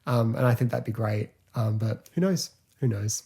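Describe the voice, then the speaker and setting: Mellow, chatty man hosting a podcast. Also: on the low side, vocal fry, husky. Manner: chatty, rambling, filler-heavy, quick to laugh. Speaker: podcast host. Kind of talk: casual solo podcast review.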